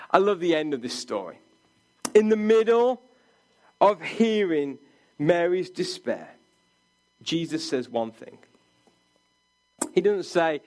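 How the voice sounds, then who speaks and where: High-voiced, slow-preaching man. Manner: earnest preaching, drops to a hushed voice for quoted words. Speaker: pastor. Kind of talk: sermon.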